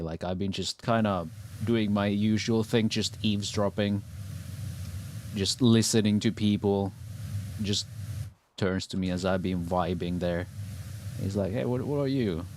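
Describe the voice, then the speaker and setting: Man, low voice, laid-back rambling streamer chat, casual swearing, faint hiss behind. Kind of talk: casual chat while gaming.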